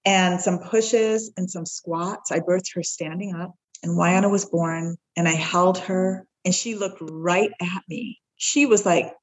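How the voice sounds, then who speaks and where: A woman's voice: fairly low pitch, steady tone, unhurried, few pauses, poor audio. A woman guest on a podcast, telling a heartfelt personal story and acting out the voices of the people in it. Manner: heartfelt, acts out the quoted voices.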